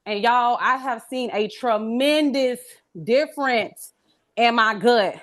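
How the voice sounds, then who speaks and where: A woman's voice: a little high, slow pace. A woman, slightly out of breath while walking, chatting on a group call about her progress. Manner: chatty, says "y'all". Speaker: team member on a training call.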